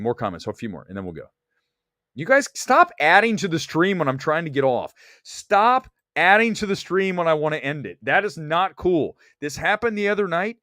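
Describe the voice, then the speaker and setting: A man's voice: fairly high pitch, a bit bright, no echo, studio quality. A man hosting a livestream about movies, talking bluntly and teasing his chat. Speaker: livestream host.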